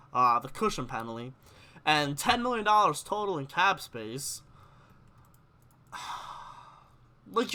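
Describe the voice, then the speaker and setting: A young man hosting a live sports stream, chatting casually with viewers and getting worked up as he argues his points. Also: high-pitched. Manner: animated, gets worked up, reads chat questions aloud.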